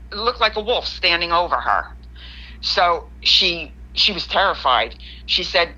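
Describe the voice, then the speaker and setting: A woman caller on a podcast, telling a story and quoting her friend in animated asides. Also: medium pitch, poor audio. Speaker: guest caller.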